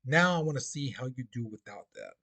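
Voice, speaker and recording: A man's voice: mid-range voice, sing-song, a little fast, gravelly, pushed and bright. Chatty male teacher giving a lecture. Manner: casual, chatty, many fillers and "okay?" checks. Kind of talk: classroom lecture to students.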